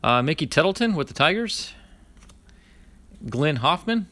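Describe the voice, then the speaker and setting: A man's voice: on the high side, sing-song, unhurried, sharp tone, no room sound. A man vlogging as he opens a pack of cards, reading each name aloud in a chatty running list and talking to viewers by name. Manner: talks to live viewers by name. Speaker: card-opening vlogger. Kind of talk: casual card-opening commentary.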